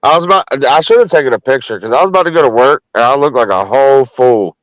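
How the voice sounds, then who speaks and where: A man's voice: medium pitch, quick pace, fairly bright tone, no echo, low-quality recording. A man in casual chat, telling crude, laughing stories with lots of swearing.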